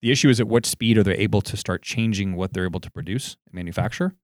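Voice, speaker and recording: A low-pitched man with a mid-Atlantic American accent talks as a podcast guest. He rambles in casual chat, heavy on fillers. The sound is dry and close. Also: fast talker, darkish tone, no echo.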